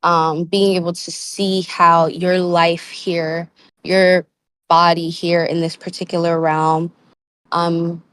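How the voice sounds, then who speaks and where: Casual lower-voiced woman doing tarot. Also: dry recording. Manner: casual, loose, searching phrasing with slang and fillers. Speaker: tarot reader. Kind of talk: live spiritual tarot reading.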